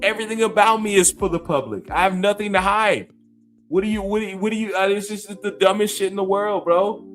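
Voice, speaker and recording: A man's voice: high-pitched, fairly quick, a bit bright, faint music behind. A man in his fifties, a gaming YouTuber, ranting to camera with profanity and scornful laughter. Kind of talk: heated rant to camera.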